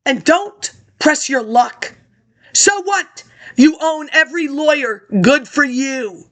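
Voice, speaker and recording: A woman's voice: high-pitched, animated, slow, a bit bright. A woman ranting about politics to an absent audience, confrontational and accusing, jumping from topic to topic.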